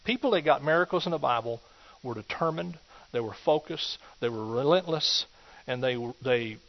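A man preaching a sermon, swinging between loud exhortation and hushed asides. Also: medium pitch, lively intonation, normal speed. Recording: dull lo-fi recording.

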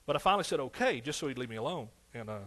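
A man's voice: mid-range voice, expressive, very fast, fairly bright tone, slight background noise. A man in his sixties with an East Texas accent, preaching a sermon with fervent exclamations and folksy storytelling. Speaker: pastor.

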